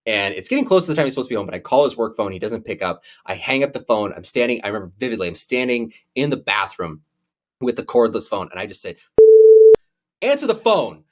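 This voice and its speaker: A young man co-hosting a podcast, telling a personal story in a lively, animated way. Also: fairly low pitch, fast. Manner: animated storyteller, acts out quotes. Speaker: podcast co-host. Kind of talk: casual chat, storytelling.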